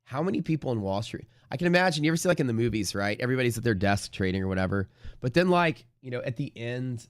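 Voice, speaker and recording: A man hosting a live day-trading stream, rambling casually with lots of swearing and sudden loud bursts of mock trader shouting. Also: mid-range voice, expressive, fast talker, no echo, studio quality.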